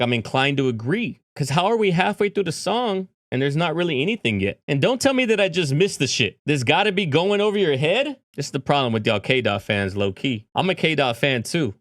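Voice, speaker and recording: A man's voice: mid-range voice, no room sound. Guy reacting to a rap track, hyped and swearing a lot, rambly, dry close sound. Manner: excitable, profane, rambling. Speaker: music reaction host. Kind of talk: casual reaction commentary.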